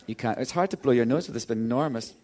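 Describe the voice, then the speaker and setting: A man's voice: mid-range voice, fast talker, noisy background. A male actor, a guest on the show, chatting casually in a cinema screening room, laughing often and rambling through his answers with many restarts. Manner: giggly, playful, rambling with restarts. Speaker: actor guest, festival jury member. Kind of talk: casual chat.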